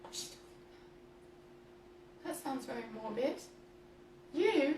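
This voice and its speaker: A woman's voice: high-pitched, animated, a little slow, darkish tone, slight background noise. A woman in her thirties hosting a casual home cooking livestream. She chats, giggles and reads viewer comments aloud while baking. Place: home kitchen, indoors. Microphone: camera mic at a distance. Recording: roomy kitchen from a distant mic.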